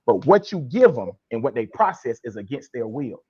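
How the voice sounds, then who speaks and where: A man's voice: mid-range voice, very animated, moderate pace, darkish tone, husky. Emphatic man coaching with tough love. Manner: emphatic, preachy, acts out tough-love lines. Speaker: guest life coach. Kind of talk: podcast interview answer. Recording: dull lo-fi sound.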